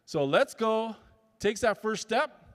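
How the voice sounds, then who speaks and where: Guy speaker at a summit, high voice, storytelling, acts out little voices, big echoey hall. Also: expressive, slow pace. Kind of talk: motivational talk. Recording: reverberant hall.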